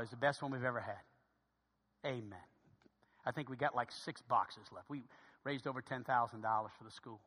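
A pastor preaching a sermon in church, telling a story with passion and swinging from hushed asides to loud, emphatic peaks. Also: male voice, medium pitch.

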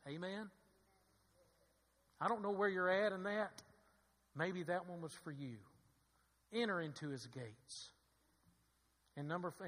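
Pastor, male, fervent sermon delivery, bright forceful tone, reverberant church sanctuary. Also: on the high side. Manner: preaching with rising fervor and call-and-response asides. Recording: long hall reverb.

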